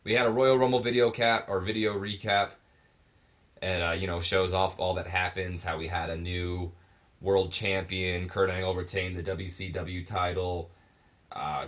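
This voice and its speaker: Low-voiced man rambling through commentary. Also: highs cut off. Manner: rambling, relaxed, many fillers. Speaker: host of a wrestling management game series. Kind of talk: casual gameplay commentary.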